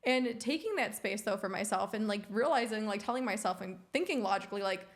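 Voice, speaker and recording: A young woman at medium pitch speaks fairly quickly while co-hosting a podcast. Her casual stories are animated, with quotes acted out.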